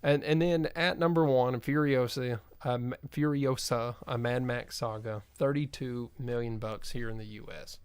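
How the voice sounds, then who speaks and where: A man's voice: medium pitch, fairly even intonation, measured pace, hardly any pauses, clean tone, dry recording. A man co-hosting a casual movie podcast, reading off figures in a matter-of-fact way. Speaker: podcast co-host.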